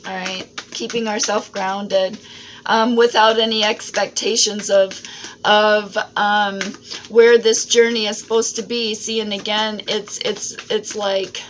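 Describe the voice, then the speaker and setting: A woman giving a casual spiritual tarot reading, rambling and often tagging her thoughts with "right?" and soft fillers. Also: medium pitch, flat delivery, slow pace. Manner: rambling, frequent "right?" and "um" asides. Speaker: tarot reader. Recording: noisy home recording.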